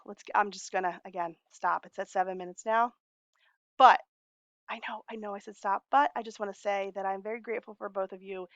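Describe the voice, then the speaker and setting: A woman's voice: medium pitch, fairly even intonation, fairly quick, pauses often, a bit bright, no echo, highs cut off. A woman in her forties talking in a long, rambling, heartfelt personal message to friends, laughing often. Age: 40s.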